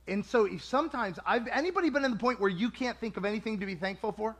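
A man preaching a sermon to a congregation in a lively, conversational way, acting out quoted voices. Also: high-pitched, quick pace.

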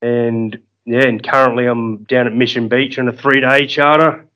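Relaxed Australian guide on a lo-fi line. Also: male voice, mid-range voice, moderate pace. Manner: relaxed, hesitant, many fillers. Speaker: fishing guide, guest. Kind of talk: casual podcast interview.

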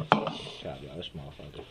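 A man from the United States co-hosting a podcast in casual banter, animated, joking and quick to defend himself. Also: very deep voice, slight background noise. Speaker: podcast co-host.

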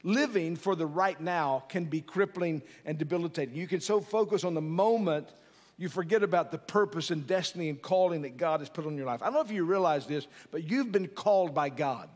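A man's voice: on the high side, a little fast. A middle-aged man preaching a sermon in a conversational, joking way, often asking the audience questions. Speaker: pastor. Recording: long hall reverb.

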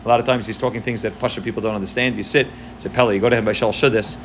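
A man's voice: lowish voice, steady tone, very fast, noisy background. A man giving a Torah class, explaining texts line by line and mixing Hebrew and Yiddish terms into English, often checking in with "right?". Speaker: Torah teacher.

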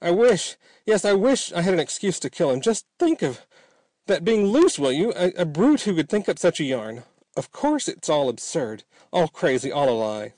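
A man voicing a hot-tempered young man who shouts threats in fury and scorn. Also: fairly high pitch, sing-song, normal speed, no echo, voice pushed up. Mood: furious.

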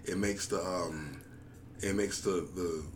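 A man's voice: deep voice, steady tone, takes it slowly, a little hiss or hum. A man hosting a podcast in casual chat, telling stories in a laid-back, slangy way. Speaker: podcast host.

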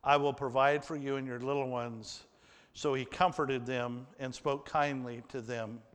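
A man preaching a sermon and reading scripture aloud, slow and emphatic, with surges of intensity. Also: medium pitch, steady tone, clean tone. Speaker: pastor. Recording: reverberant hall.

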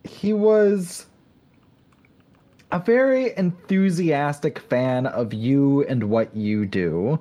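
A woman's voice: extremely low pitch, lively intonation, takes it slowly, mellow. A woman co-hosting a podcast, telling a rambling story in casual chat, full of fillers and restarts. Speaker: podcast co-host.

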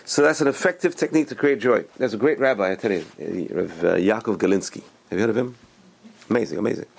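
A man's voice: mid-range voice, vocal fry, darkish tone. A man giving a motivational religious talk, speaking emphatically, repeating phrases and restarting his sentences.

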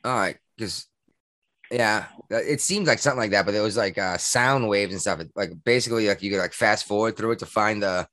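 A man's voice: lowish voice, a little fast, a bit bright, no echo. A man co-hosting a podcast in casual chat, rambling and sarcastic, with lots of fillers and restarts. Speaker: podcast co-host.

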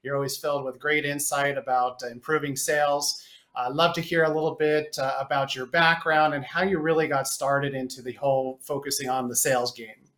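A man's voice: medium pitch, little pitch movement, a little fast, a bit bright. Male podcast host in an echoey room. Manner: earnest, admiring introductions with fillers. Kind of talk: interview hosting.

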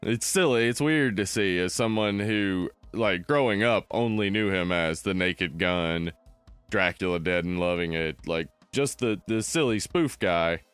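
A man's voice: low voice, a little slow, fairly bright tone, clean tone, no echo, soft background music. A man from New Jersey co-hosting a casual movie chat podcast, rambling with fillers and laughing often. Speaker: podcast co-host.

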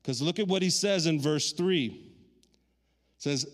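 A man preaching a sermon as pastor, animated, acting out quoted voices and dropping low and quiet for inner thoughts. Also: slow. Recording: long hall reverb.

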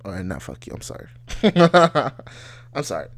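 A man's voice: mid-range voice, huge pitch swings, moderate pace. Young man ranting, blunt and profane. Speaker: podcast host. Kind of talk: casual rant.

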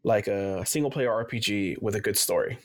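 A man's voice: lowish voice, a little fast. A man co-hosting a casual gaming podcast, rambling loosely and swearing freely. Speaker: podcast co-host.

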